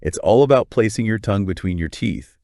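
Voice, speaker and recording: Low-voiced man explaining calmly. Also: fairly quick, no room sound, studio quality. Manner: calm, explanatory, steady agreement. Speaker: podcast co-host. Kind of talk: educational podcast chat.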